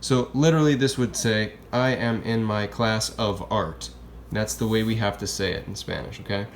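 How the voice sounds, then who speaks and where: A man's voice: on the low side, moderate pace, a little hiss or hum. A man who teaches Spanish, explaining grammar in a casual, chatty classroom style and often checking in with "okay?" and "right?".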